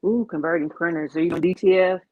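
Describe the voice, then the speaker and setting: A woman's voice: lowish voice, fast talker, background noise. Chatty Southern woman livestreaming crafts. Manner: chatty, thanks viewers as she works. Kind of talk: casual live-stream chat. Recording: dull, dry, lo-fi stream audio.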